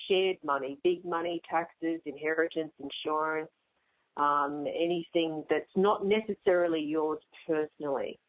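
A woman hosting a radio astrology show, talking through star signs in a chatty way with frequent ums and uhs. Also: lowish voice. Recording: phone-like narrow radio sound.

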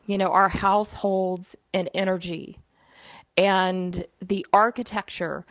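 A woman's voice: mid-range voice, dry recording. Chatty woman host, dull dry sound. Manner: enthusiastic, chatty, with frequent fillers. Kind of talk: casual talk show monologue.

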